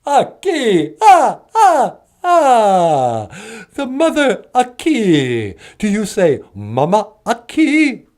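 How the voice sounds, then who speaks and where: A man's voice: sits high, wildly swooping pitch, drawn-out words, darkish tone, pitched above the performer's own voice, heavily acted. A man doing a put-on Transylvanian accent as a theatrical male vampire count who is obsessed with counting and laughs "ah, ah, ah".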